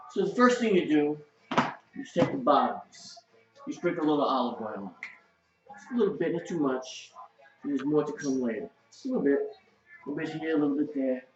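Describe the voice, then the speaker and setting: A man from outside New City, hosting a casual home cooking show and talking in a blunt, profane, chatty way. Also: a little high. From outside New York City. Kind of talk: casual cooking demo with political rant. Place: home kitchen, indoors. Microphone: webcam. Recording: echoey, distant, muffled, faint music.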